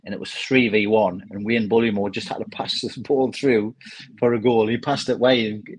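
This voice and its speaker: A man, a former footballer casually telling lively anecdotes and mimicking people in them. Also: lowish voice, normal speed, breathy edge, rough recording. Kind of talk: casual storytelling.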